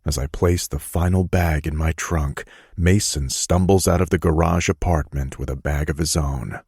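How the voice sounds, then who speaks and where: A man narrating a romance audiobook in the first person, in a soothing, even manner. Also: extremely low pitch, normal speed, breathy edge, no room sound, clean studio sound.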